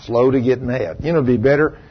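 An older man, a pastor, preaches a sermon at a brisk clip, telling stories animatedly and acting out the voices in them. His medium-pitched voice is slightly rough, captured on a dull lo-fi recording.

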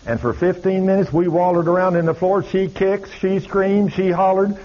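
A man's voice: high-pitched, moderate pace, warm tone. A man preaching, telling a story in a folksy, dramatic way. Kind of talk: sermon storytelling. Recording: dull lo-fi recording.

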